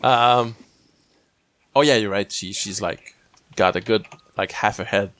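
A man's voice: fairly low pitch, unhurried, a bit bright. A man co-hosting a casual podcast, retelling a TV episode with lots of fillers and acted-out quotes. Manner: rambling, many fillers, acts out quotes. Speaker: podcast co-host. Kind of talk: casual chat recapping a TV episode.

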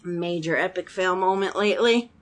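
A woman in her thirties, a mother, casually telling a funny story about a mishap with a relaxed, laughing manner. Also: lowish voice, normal speed.

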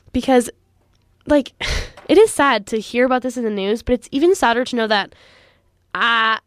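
A woman's voice: mid-range voice, dry recording, studio quality. A young woman in her late teens hosting a youth radio show, talking in an earnest, frustrated, impassioned way and saying "like" often. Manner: frustrated, earnest, heavy use of "like". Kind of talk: impassioned personal commentary.

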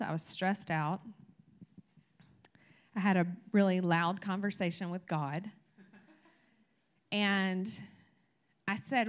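Woman preacher, casual and candid delivery, builds to emphatic peaks, talks straight to the congregation. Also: mid-range voice. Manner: candid, chatty, emphatic with rising energy. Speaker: church teacher. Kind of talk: conversational sermon.

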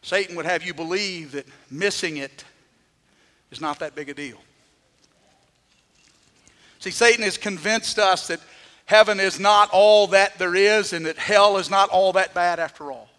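A man's voice: high-pitched, moderate pace, pushed and bright, long reverb tail. A man preaching a sermon as pastor, dramatically acting out the voices he quotes, in a church.

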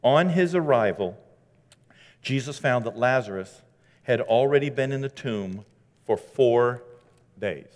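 Animated male preacher in a reverberant hall. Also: medium pitch, a little slow, long pauses. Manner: conversational, animated, acts out scripture quotes. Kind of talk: sermon.

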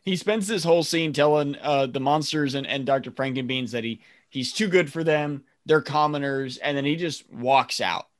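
A man's voice: on the high side, normal speed, few pauses, dry recording, clean studio sound. A man co-hosting a podcast, steadily walking through a recap in casual chat with many fillers. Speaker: podcast co-host.

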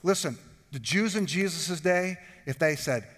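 High-voiced man preaching in a reverberant hall. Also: animated, normal speed, a bit bright. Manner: jokey, talks with the congregation. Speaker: pastor. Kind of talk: sermon.

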